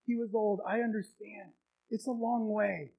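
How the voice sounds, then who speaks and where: A man acting out a twelve-year-old boy who speaks softly and haltingly as he accepts that his old dog is gone. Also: high voice, fairly even intonation, creaky, highs cut off. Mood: quietly grieving. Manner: soft, halting, resigned.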